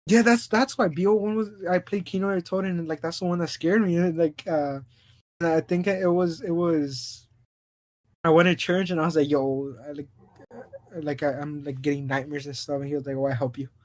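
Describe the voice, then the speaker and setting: Fairly even in intonation and moderate in pace, this man's voice sits on the high side. He co-hosts a podcast and, in casual chat, tells a rambling story marked by stumbling restarts and frequent laughter.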